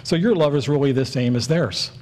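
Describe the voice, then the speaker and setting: A man in his forties preaches a sermon earnestly, telling stories and leaning on repeated phrases. His mid-range voice is a little mellow and fairly quick.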